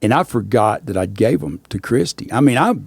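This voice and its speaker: A man's voice: mid-range voice, animated, a little fast, creaky, slightly rough. A man, telling a rambling anecdote in a drawling voice and repeating "I said" often. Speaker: rodeo announcer and guest. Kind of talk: casual storytelling.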